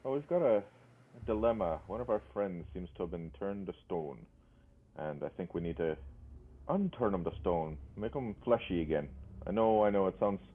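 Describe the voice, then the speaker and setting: A man voicing a friendly male deep gnome adventurer in a tabletop game, chatty and easygoing. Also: animated, moderate pace. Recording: tinny voice-chat line.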